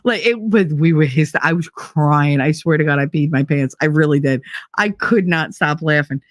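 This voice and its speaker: Animated New woman telling stories. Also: low voice, normal speed, dry recording. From Hoboken, New Jersey. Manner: animated, swears freely, frequent laughter. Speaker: podcast host. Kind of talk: casual storytelling chat.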